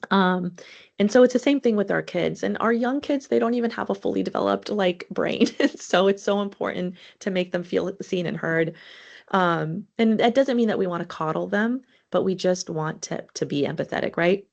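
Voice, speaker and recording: A woman's voice: medium pitch, normal speed, gravelly, a little mellow, dull audio. A woman presenting an educators' webinar in a conversational, earnest way, with frequent fillers and restarts.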